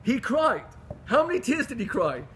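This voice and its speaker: Impassioned high-voiced male Torah teacher. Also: sing-song, moderate pace, fairly bright tone, a little hiss or hum. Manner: impassioned, pleading, with frequent restarts; mixes Hebrew terms into English. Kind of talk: Torah class lecture.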